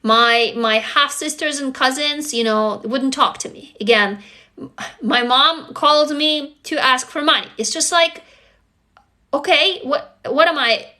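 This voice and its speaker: Intense high-voiced woman. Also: a little slow, bright, forceful tone. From Russia. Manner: raw, intense, profane, repetitive. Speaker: livestream host. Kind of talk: emotional livestream monologue.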